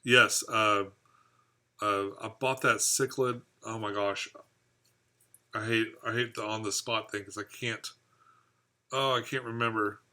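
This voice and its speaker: Chatty man with a sharp, bright voice. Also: on the low side, fairly even intonation, unhurried, pauses often. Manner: rambling, chatty, answering viewer comments. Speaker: aquarium hobby channel host. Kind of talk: casual live stream chat.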